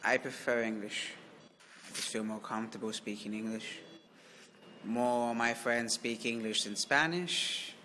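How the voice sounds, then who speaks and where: A young man speaking quietly and matter-of-factly in an interview. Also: mid-range voice, fairly even intonation, a little slow, a little hiss or hum.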